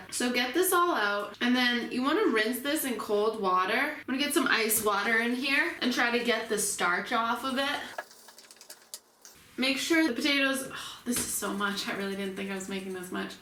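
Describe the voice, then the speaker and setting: A woman's voice: a little high, moderate pace, bright, forceful tone, distant mic, slight background noise. Chatty woman cooking in an echoey kitchen. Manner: chatty, unsure, self-deprecating while working. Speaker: cooking vlogger. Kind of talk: casual cooking vlog. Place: home kitchen.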